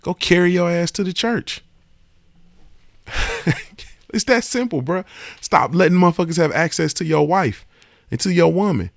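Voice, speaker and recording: A man hosting a podcast speaks in a casual, emphatic, profane monologue, often checking in with "you understand what I'm saying." His high, gravelly voice is animated at a normal speed, and he pauses often. The studio-quality audio has no room sound.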